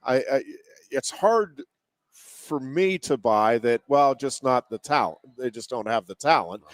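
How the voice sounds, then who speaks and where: Measured man talking sports. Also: medium pitch, lively intonation, dry recording. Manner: measured, analytical, reasoning aloud. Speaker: co-host. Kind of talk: sports talk show chat.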